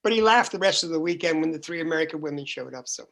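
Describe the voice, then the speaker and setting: A woman's voice: sits low, expressive, racing, gravelly, a bit bright. A woman on a casual panel chat, telling a story with wry, dry jokes.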